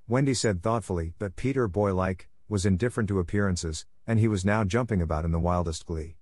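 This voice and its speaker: Low-voiced man reading a storybook. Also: a little fast, hardly any pauses, a little mellow, dry recording, studio quality. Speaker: narrator. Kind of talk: scripted storybook narration.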